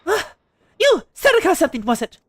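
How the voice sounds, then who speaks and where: A fierce, overbearing middle-aged mother who scolds and bustles, put on by a man reading a game aloud. Her voice sits high and swoops up and down, close and dry with no room sound. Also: huge pitch swings, fairly quick, a bit bright, no room sound, exaggerated voice. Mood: brisk.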